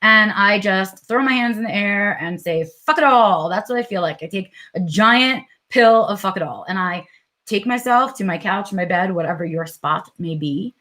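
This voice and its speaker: A woman's voice: mid-range voice, moderate pace, pushed and bright. Candid, swearing New York woman vlogging. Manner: candid and profane, with frequent fillers and acted inner monologue. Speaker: vlog host. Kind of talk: unscripted live vlog talk.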